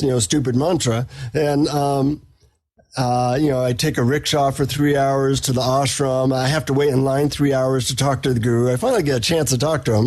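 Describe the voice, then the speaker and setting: A middle-aged man, a psychotherapist and author, chatting as a podcast guest and telling anecdotes in a relaxed, self-deprecating way. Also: medium pitch. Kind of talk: casual interview storytelling.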